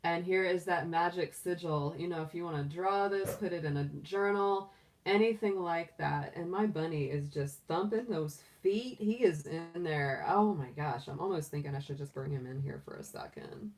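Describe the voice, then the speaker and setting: A middle-aged woman hosts a tarot livestream in a closed room at home, chatting warmly and fussing over viewers with frequent laughter. Her voice is darkish and on the low side at a moderate pace, picked up a little far from the mic.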